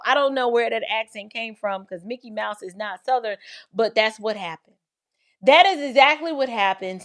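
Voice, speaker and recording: A woman hosting an opinionated commentary vlog, speaking with sarcastic, mocking emphasis. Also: fairly high pitch. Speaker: commentary host.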